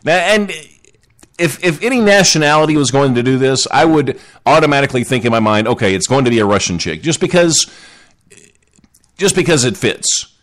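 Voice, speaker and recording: A man with a drawl hosts a casual live podcast show. His voice rises and falls a lot as he jokes, and he keeps things chatty while reading comments from the listener chat aloud. His pitch sits in a middle range. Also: animated, fairly quick. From Southern United States. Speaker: podcast host.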